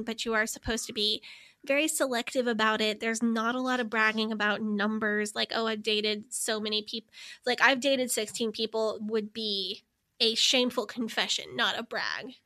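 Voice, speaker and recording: A woman co-hosting a podcast with a bright, forceful voice that sits a little high. She explains in a lively, chatty way, full of "like" fillers. The sound is dry and close. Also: normal speed, no room sound. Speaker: podcast co-host. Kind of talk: casual podcast chat.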